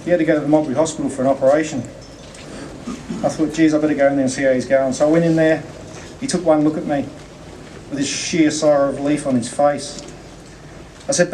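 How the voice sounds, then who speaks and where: A man's voice: on the high side, steady tone, quick pace, dark tone, a little hiss or hum. A man giving a eulogy at a memorial, telling a humorous story with acted-out dialogue. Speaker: eulogy speaker. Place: memorial gathering. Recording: distant mic with audible room ambience.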